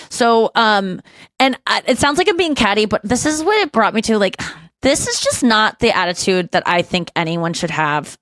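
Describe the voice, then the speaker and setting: A woman podcast host in her forties, telling a story in casual chat and acting out the people she quotes. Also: dry recording. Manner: animated storytelling, acts out quotes in a higher voice.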